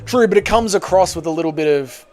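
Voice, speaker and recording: Rambling Kiwi streamer, slightly high voice. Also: male voice, lively intonation, a little mellow, soft background music. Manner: quick, rambling, heavy use of "like", swears casually. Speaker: MMA livestreamer. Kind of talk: casual livestream chat, reading viewer comments aloud.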